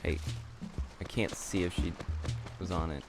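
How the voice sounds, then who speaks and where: A man's voice: low voice, fairly even intonation, a little slow, vocal fry, over music. A young man giving casual commentary on his gameplay in a chatty, jokingly exasperated way. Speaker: gaming video creator.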